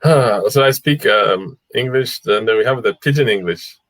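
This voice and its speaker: A man hosting a relaxed live chat on a video call, reading out viewer comments. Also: mid-range voice, normal speed, dry recording. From Ghana. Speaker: host.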